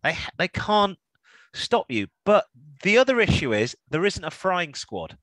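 Lively, bright-voiced male podcast co-host. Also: sits high, unhurried, no room sound. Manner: chatty, jokey, rambling with restarts. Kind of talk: casual chat.

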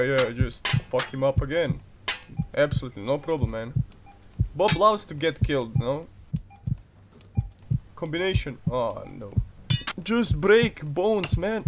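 A man's slightly high, wildly swinging voice runs through unhurried, profane gameplay commentary. He taunts a character and bursts into yelps, and a steady hiss of noise sits under the recording. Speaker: gaming video host. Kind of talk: profane, goofy let's-play commentary.

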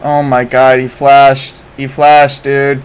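A man giving live commentary while streaming a game, excitable and prone to swearing and sudden shouts. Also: medium pitch, slow pace, smooth, poor audio.

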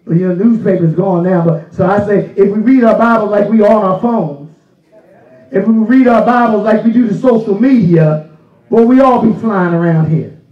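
A man with a very high voice preaches a sermon, folksy and plainspoken, rising into shouts for emphasis. He is heard from a distance in a roomy church sanctuary, and the recording sounds a little dull. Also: moderate pace. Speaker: pastor.

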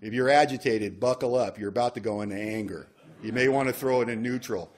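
A man's voice: mid-range voice, fairly quick. A man leading a recovery workshop, talking casually with joking asides and reading passages aloud. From United States. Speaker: workshop speaker.

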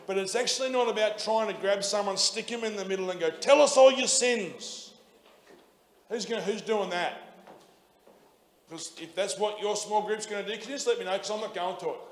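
A man with an Australian accent preaching a sermon as pastor, energetic and colloquial, swinging between loud exhortation and hushed prayer. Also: high voice, quick pace, a little hiss or hum. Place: church.

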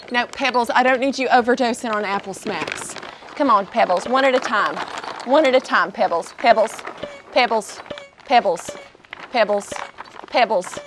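Woman, kids' show host, high voice, silly and chatty, faint background noise. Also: normal speed, fairly bright tone. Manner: goofy, chatty, talks to the animals. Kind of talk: playful educational kids' vlog. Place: outdoor animal sanctuary.

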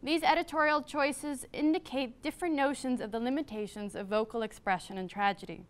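Clear-voiced woman lecturing. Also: high voice, fairly even intonation. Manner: measured, with brief asides. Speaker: classics professor giving a public lecture. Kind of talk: academic lecture, partly read from a script. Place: lecture hall.

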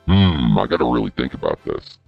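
Man behind a very deep, gravelly voice-changer filter. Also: big pitch swings, a little fast, highs cut off, soft background music. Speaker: podcast co-host. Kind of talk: casual group chat. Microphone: voice call.

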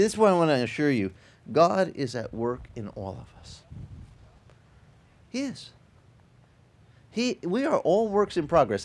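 A middle-aged man preaching as a pastor, telling stories casually with frequent restarts and swelling into emphatic encouragement. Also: a little high. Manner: conversational storytelling, many restarts, rising to emphatic exhortation. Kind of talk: sermon. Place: outdoor beach service.

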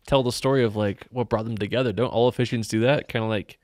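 Young male co-host, mid-pitch, joking riffing delivery, dry recording. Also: steady tone, a little mellow, no echo. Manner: jokey, riffing with quick asides. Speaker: podcast co-host. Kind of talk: casual chat.

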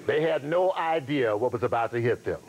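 A man's voice: mid-range voice, very noisy. A man hosting a reunion special, presenting in a polished, playful way. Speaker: host.

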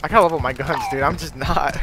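A man streaming a shooter game, making excited callouts and swearing freely. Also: a little high, a little fast, noisy background. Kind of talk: live gameplay commentary.

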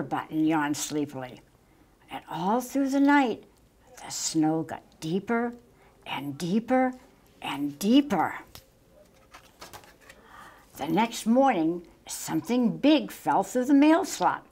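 An older woman slowly reading a children's picture book aloud, gentle and halting with small slips. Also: fairly low pitch, animated. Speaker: storytime reader.

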